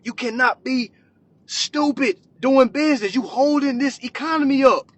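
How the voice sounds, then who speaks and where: A man ranting to his followers with profane comedy, swinging between shouting and low muttering. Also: normal speed, no echo. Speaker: social media commentator. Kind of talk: profane comedic rant to camera.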